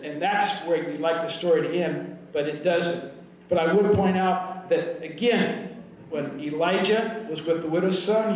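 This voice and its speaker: A man preaching a sermon as pastor, telling a Bible story with animated, often shouted quotes. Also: sits high. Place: church sanctuary. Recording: very echoey hall, mic from far off.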